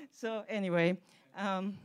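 A woman preaching and telling a personal testimony, fervent, dropping soft and then rising loud. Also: mid-range voice, takes it slowly. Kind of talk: sermon testimony.

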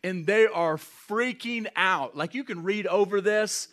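A man preaching a sermon, animated and often chuckling as he acts out scenes. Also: high voice, a little slow. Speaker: pastor.

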